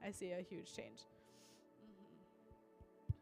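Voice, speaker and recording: With a lowish, mellow voice, big pitch swings, drawn-out words and vocal fry, a young teacher gives a casual testimony about her students to a church gathering as faint music plays. She chats along, using "like" constantly and dropping in Spanish.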